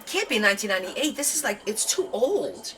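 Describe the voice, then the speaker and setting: A woman's voice: on the high side, sing-song, fairly quick, very noisy. Woman craft host, casual live show-and-tell, gushing and chatty; voice swoops up and down a lot. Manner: chatty, gushing over thrift finds.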